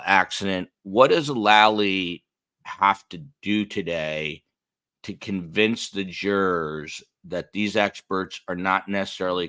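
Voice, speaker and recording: A man hosting a podcast that covers a trial live, asking his guest measured questions with filler pauses. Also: low voice, fairly bright tone, dry recording. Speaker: podcast host.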